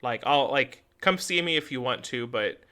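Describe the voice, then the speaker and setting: His medium-pitched voice is expressive and sharp, moving at normal speed. The young man, a podcast co-host, chats casually as he retells a story, acting out what the characters say.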